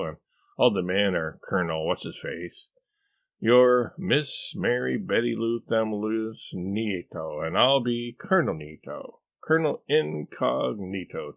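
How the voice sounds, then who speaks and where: A man's voice: on the low side, dry recording, pitched above the performer's own voice. A man doing a pompous, lecturing know-it-all.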